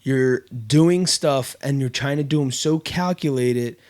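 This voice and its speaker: A man's voice: medium pitch, a little slow. Rambling storyteller man on a podcast. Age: adult with kids. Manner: storytelling, animated with many fillers and restarts. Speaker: podcast host. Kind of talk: casual podcast chat.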